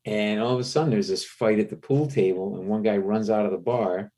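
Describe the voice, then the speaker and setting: A middle-aged man, a comedian, telling an animated anecdote in a podcast interview, jumping into raised voices for the people in his story. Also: fairly low pitch, fairly quick. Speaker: comedian guest.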